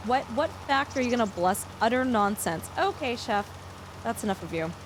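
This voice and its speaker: A woman game streamer with a somewhat high voice chats casually with her viewers. Her talk is loose and rambling, full of fillers as she works through answers. Faint noise sits under the voice. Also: expressive, moderate pace. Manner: chatty, loose, lots of fillers while answering chat. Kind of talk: casual live-stream chat while gaming.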